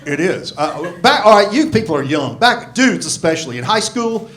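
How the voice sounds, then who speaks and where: A man in his sixties working a comedy club stage with a gruff, profane, self-mocking delivery. His voice sits a touch high for a man and swings widely in pitch. The live recording catches loud bursts of crowd laughter behind him. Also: sing-song, moderate pace. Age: 60s. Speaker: stand-up comedian. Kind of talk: stand-up comedy set. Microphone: handheld stage mic. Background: audience laughing.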